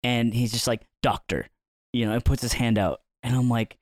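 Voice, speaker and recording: A man co-hosting a podcast, telling stories in casual chat and acting out the people he quotes. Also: brisk. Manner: animated, acts out quoted people with sudden pitch jumps. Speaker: podcast co-host.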